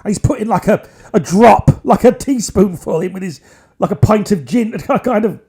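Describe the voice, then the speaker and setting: A man with a fairly high voice tells a long story on his podcast. He rambles from one thing to the next in a casual way and keeps dropping dry little asides. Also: animated, moderate pace, dark tone, slightly rough. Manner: chatty, digressive, wry asides. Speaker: podcast host.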